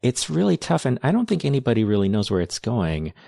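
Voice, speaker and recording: A man's voice: medium pitch, wildly swooping pitch, fast, creaky, dark tone, no room sound. A man hosting an interview, speaking thoughtfully and hesitantly, often restarting his sentences. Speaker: podcast host. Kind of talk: casual interview conversation.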